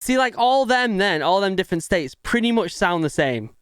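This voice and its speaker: A man's voice: high-pitched, sing-song, normal speed, fairly bright tone, smooth, no room sound. A young man hosting a reaction video, chatting casually and musing aloud with filler words.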